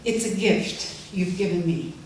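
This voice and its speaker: An older woman giving a heartfelt, gently humorous farewell speech at a library event. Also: on the low side, steady tone, a little slow. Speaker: farewell speaker. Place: event room. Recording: echoey hall from far off, faint noise.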